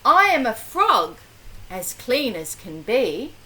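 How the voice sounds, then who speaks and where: Grandma croaking as a polite little frog. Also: female voice, fairly high pitch, big pitch swings, takes it slowly, bright, forceful tone, voice pushed down, full character voice. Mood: eager. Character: polite clean male frog, small, eager.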